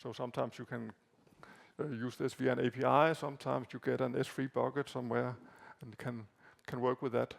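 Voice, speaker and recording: A man whose first language is Danish presents slides at a conference. His voice is heavily gravelly, and he talks haltingly, repeating words and filling pauses. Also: medium pitch, level tone. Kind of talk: conference talk walking through slides. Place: conference hall.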